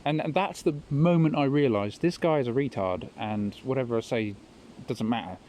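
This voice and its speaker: A man's voice: medium pitch, moderate pace, a little mellow, slight background noise, rough recording. A man hosting a podcast, telling stories in a rambling, casual monologue and chuckling at his own tales. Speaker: podcast host.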